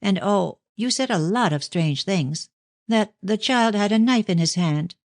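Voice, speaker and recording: A woman's voice: medium pitch, animated, a little slow, darkish tone, pitched above the performer's own voice. A woman playing an anxious young woman. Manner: urgent, pleading questions.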